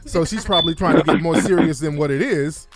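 A man hosts a casual advice chat, brash and joking, and he laughs often as he talks. His voice sits slightly higher than most men's. Faint music plays underneath. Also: brisk. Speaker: advice show host.

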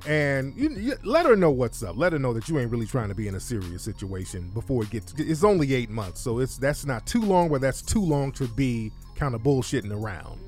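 A man's voice: mid-range voice, big pitch swings, fairly quick, hardly any pauses, faint music behind. A man hosting a casual advice chat, brash and joking, often laughing as he talks. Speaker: advice show host.

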